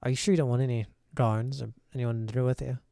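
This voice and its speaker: A man's voice: medium pitch, level tone, fast, creaky, warm tone, dry recording, clean studio sound, close to an everyday voice. A man voicing a polite male estate host in a tabletop game, businesslike and accommodating. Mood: courteous.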